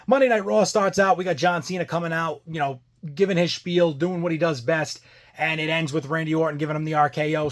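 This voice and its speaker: A man's voice: on the high side, fairly bright tone. A man hosting a casual wrestling review vlog, rambling and loose, trailing off and restarting his thoughts.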